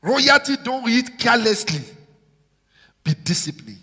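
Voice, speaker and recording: This pastor's voice is very high-pitched, sharp and slightly rough, swinging widely in pitch as he speaks unhurriedly. Preaching to his congregation, he urges them on and leads call-and-response, asking them to repeat after him. The sound is a live recording in a large church hall with a long reverb tail.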